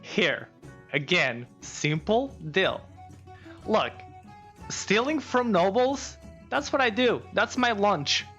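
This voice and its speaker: Slow, halting male tabletop player. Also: sits high, big pitch swings, a bit bright, dull audio, soft background music. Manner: hesitant, halting with fillers. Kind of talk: playing a tabletop character.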